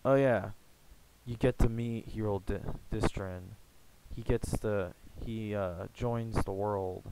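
Slow, gravelly young man rambling. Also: lowish voice, steady tone, background noise. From United States. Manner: rambling, halting, many fillers and restarts. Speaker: gaming YouTuber. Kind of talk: casual rambling vlog chat.

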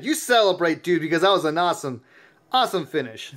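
A tired, sleepy man giving chatty, excitable gameplay commentary as host of his own channel, laughing often. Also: a little high, fast. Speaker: mobile game player and YouTube host.

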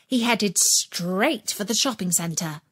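Husky woman reading a children's story. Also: medium pitch, takes it slowly, dry recording. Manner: expressive, storytelling. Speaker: narrator. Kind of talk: children's audiobook narration.

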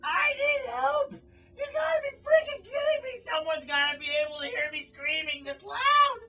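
A shrill, frantic soldier voiced by a man shrieks for help in a comedy machinima. The squealing voice swoops wildly up and down. It rings bright and piercing. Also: big pitch swings, measured pace, heavily acted. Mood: panicked. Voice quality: shrill, screaming. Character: panicked squad soldier yelling for help, male.

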